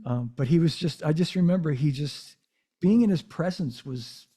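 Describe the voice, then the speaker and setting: A man's voice: on the high side, moderate pace, warm tone, breathy edge. A man hosting a casual interview, telling stories with lots of fillers and restarts. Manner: rambling storyteller, many fillers and restarts. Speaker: podcast host. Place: home drum room.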